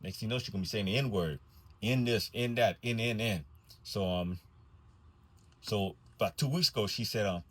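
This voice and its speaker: Husky low-voiced man telling wry stories. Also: moderate pace, no room sound. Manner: drawling, wry deadpan storytelling. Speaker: school bus driver. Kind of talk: comic storytime monologue.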